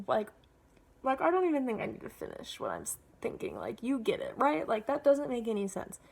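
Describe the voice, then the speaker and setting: Here a vlogger in her twenties, a woman, recounts a personal story to camera in a slightly high voice whose pitch swoops wildly, moving fairly quickly with vocal fry. Candid and blunt, she swears a lot and rambles, with "like" constantly filling the gaps.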